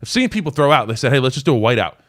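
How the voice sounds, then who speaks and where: A man's voice: medium pitch, very animated, racing, a bit bright. Man, 20s, former player turned show host; casual, rambling delivery full of fillers. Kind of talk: live call-in sports talk.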